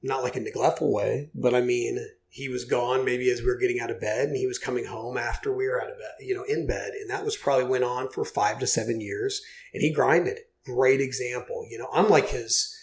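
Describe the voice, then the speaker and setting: Forties man, podcast guest, mid-pitched, heartfelt and earnest, full of you-knows. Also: a little fast, creaky. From Oklahoma. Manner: earnest, heartfelt storytelling with many fillers. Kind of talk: casual podcast interview.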